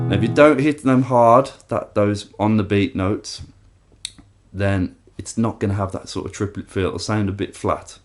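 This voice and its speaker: A man's voice: fairly low pitch, fairly even intonation, normal speed. A man teaching a guitar lesson, explaining each step and counting strums aloud. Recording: loud guitar playing behind.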